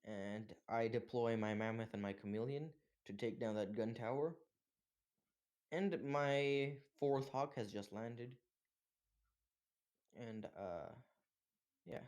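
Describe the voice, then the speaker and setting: A young man narrating his own strategy game match in a casual way, with many pauses and filler sounds. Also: medium pitch, darkish tone. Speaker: gameplay commentator. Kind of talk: gameplay commentary.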